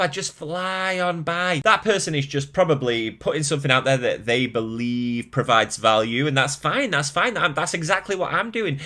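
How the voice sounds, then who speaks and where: A man's voice: on the high side, pushed and bright. A man with a mild Mancunian accent, a fitness YouTuber ranting candidly to camera, exasperated and swearing casually, laughing at himself. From Manchester, England.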